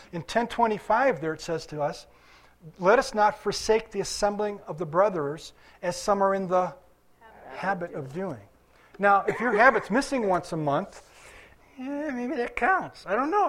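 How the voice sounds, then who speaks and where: Casting: high-voiced male pastor, chatty preaching with asides. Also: animated, moderate pace. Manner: conversational preaching with asides and chuckles. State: limping after surgery. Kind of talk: sermon.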